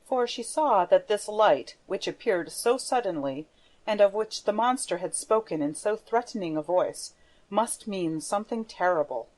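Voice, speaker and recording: A woman narrating an audiobook in a measured storytelling manner. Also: mid-range voice, lively intonation, a little mellow. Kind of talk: scripted narration.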